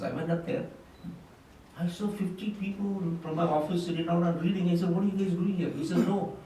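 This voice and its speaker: A man's voice: on the high side, a little mellow. Older Indian man, echoey distant hall. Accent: Indian English. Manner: emphatic, anecdotal storytelling. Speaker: panel speaker, former civil servant and politician. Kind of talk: round table discussion remarks. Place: conference hall. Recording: very echoey hall, distant mic, faint noise.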